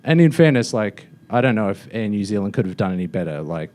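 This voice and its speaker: A man's voice: on the low side, sing-song, fast, darkish tone, slight background noise. A young man doing a mocking stand-up roast in a comedy club, with a loose, offhand delivery full of fillers. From Australia.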